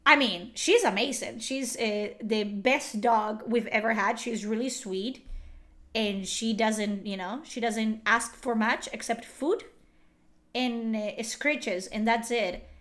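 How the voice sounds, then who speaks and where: Animated, swearing young woman streamer. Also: a little high, takes it slowly. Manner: animated, swears often, many "like" fillers. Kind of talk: casual livestream chat.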